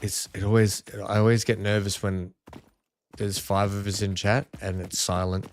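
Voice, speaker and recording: A man's voice: fairly low pitch, level tone, moderate pace. An Australian man hosting a multiplayer game stream, chatting casually with teammates, asking lots of questions and laughing easily. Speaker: streamer host. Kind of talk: casual multiplayer gaming chat.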